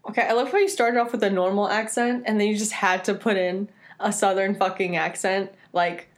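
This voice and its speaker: A woman's voice: mid-range voice, steady tone. A woman co-hosting a podcast, chatting casually with blunt, swearing remarks. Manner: blunt, swearing, quick to laugh. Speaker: podcast co-host. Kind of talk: casual chat.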